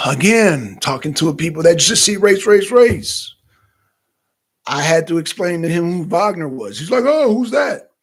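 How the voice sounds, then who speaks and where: A man hosting a talk show, giving casual, animated political commentary that rambles and repeats itself. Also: a little high, a little slow, breathy edge.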